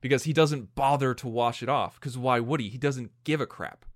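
A man's voice: mid-range voice, moderate pace, no echo, clean studio sound. Enthusiastic man in podcast chat. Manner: enthusiastic, heavy on "like" and "you know". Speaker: podcast co-host. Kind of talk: casual podcast discussion.

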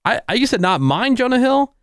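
A man's voice: very high voice, sing-song, fairly quick, a bit bright, clear, resonant tone, no room sound, clean studio sound. A man hosting a radio morning show, chatting casually with a rambling, filler-heavy manner. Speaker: radio host.

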